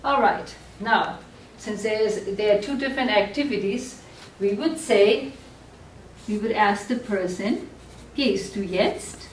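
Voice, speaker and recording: A woman teaching a German class, explaining slowly and patiently and often checking that the students follow. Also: mid-range voice, slight background noise. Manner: slow, patient explaining with frequent check-ins. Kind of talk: classroom lecture at a board. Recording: echoey room, voice from far off.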